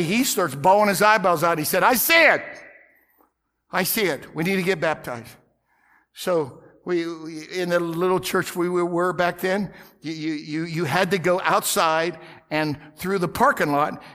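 A middle-aged male pastor telling a story in a sermon, swinging from loud outbursts to hushed whispers. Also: sits high.

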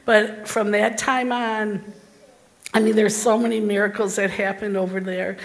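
A woman's voice: medium pitch, level tone, unhurried, long reverb tail. A woman in her sixties giving a fervent, emotional personal testimony in church. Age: 60s.

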